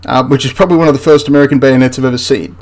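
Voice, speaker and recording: A man's voice: medium pitch, steady tone, rapid-fire. A man hosting a history channel, ranting through a film critique in an exasperated, rambling way with frequent restarts.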